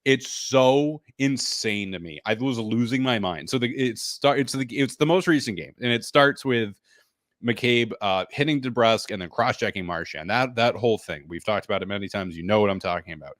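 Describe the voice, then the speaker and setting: A man's voice: lowish voice, fairly quick, a bit bright, no room sound, studio quality. A man co-hosting a casual sports podcast, ranting with incredulous, mocking quoted voices. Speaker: podcast co-host.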